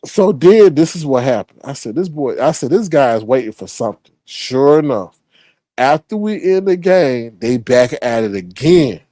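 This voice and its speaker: A man casually telling a story, animated, swearing freely and acting out the other people's voices. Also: mid-range voice, moderate pace, no room sound, clean studio sound.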